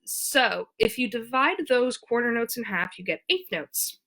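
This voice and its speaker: A woman giving a casual ukulele lesson, talking in a relaxed way with many fillers and counting beats aloud. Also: a little high, a little slow, over loud music. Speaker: ukulele teacher. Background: ukulele strumming.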